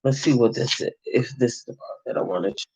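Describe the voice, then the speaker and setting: A man's voice: mid-range voice, fast talker, darkish tone, slightly rough, rough recording. A man giving a casual, slangy movie review, rambling and swearing freely with lots of fillers.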